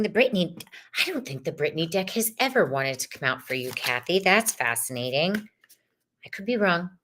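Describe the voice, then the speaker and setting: A woman hosting a live tarot show, reading cards for viewers in a chatty, upbeat way and repeating phrases like mantras. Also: low voice. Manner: upbeat, chatty, with sudden excited squeals. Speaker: tarot reader host.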